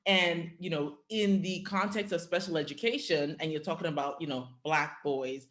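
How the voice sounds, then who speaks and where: A woman from Nigeria, hosting a podcast interview in a relaxed, conversational way with frequent fillers. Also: low-pitched, normal speed. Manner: conversational, many "you know" fillers. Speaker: podcast host.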